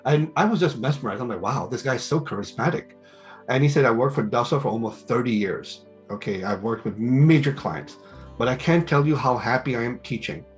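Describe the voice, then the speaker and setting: A middle-aged man, a business school teacher, interviewing and giving advice in a lively way, acting out conversations as he tells stories. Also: medium pitch, brisk, faint music behind. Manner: animated storytelling with quoted dialogue.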